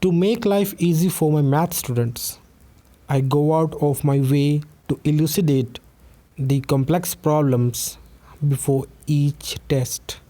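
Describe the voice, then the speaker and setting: A man teaching newspaper vocabulary, switching between Hindi and English and reading example sentences slowly. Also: fairly high pitch, warm tone. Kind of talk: vocabulary lesson.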